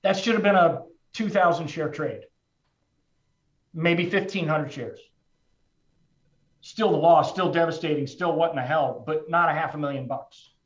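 A middle-aged man with a fairly high voice tells his own story candidly, plain-spoken and heartfelt, with casual restarts. The sound is roomy and somewhat dull, as if recorded in an echoing space. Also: measured pace, pauses often. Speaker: trader speaking as a guest. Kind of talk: candid personal storytelling in a conversation.

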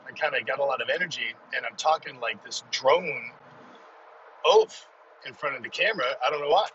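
A man's voice: mid-range voice, quick pace, pushed and bright, far from the mic, dull audio, a little hiss or hum. Rambling, self-deprecating man talking in his car. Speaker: podcast host. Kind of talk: casual solo podcast monologue.

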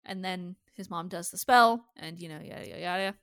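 A woman's voice: on the low side, brisk, fairly bright tone, smooth, no room sound. Chatty woman recapping TV, dry close sound. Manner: chatty, swears freely, acts out quotes. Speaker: podcast co-host. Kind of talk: casual TV recap chat.

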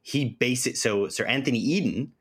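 A man's voice: mid-range voice, moderate pace, fairly bright tone, breathy edge. A man co-hosting a podcast in casual chat, asking questions and reading out facts. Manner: inquisitive, reads out facts. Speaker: podcast co-host.

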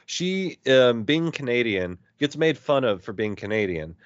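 A man co-hosting a podcast in casual chat, telling stories in a joking, animated way. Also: medium pitch, measured pace, dry recording, dull audio. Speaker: podcast co-host.

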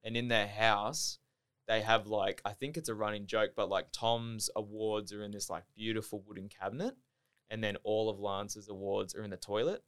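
A man's voice: lowish voice, normal speed, a bit bright, smooth. A young Australian man telling a story in casual podcast chat, loose and sweary, leaning on "like" as a filler. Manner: loose, swears often, heavy use of "like". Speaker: podcast guest, Olympic diver.

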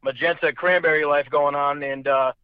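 A young man, appearing as a storyteller guest in a casual chat, tells a long, rambling, profane story and slips into voices when quoting people. His voice is a little high and smooth, with fairly even intonation and a moderate pace. The recording is dry, dull, and lo-fi.

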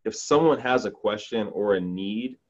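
Man, podcast guest, lower voice, muffled lo-fi sound, encouraging, casual talk. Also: expressive, normal speed. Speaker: podcast guest, real estate agent. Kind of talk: casual interview chat.

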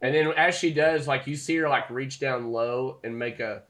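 A man's voice: mid-range voice, moderate pace. A man narrating a tabletop game as game master, with frequent restarts. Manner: animated, stumbling restarts.

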